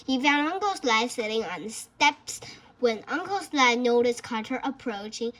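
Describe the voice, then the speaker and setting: A woman reads a children's novel aloud in a high voice. Her pace is slow and careful. She halts often, stumbling over words and restarting them. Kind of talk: storybook read-aloud.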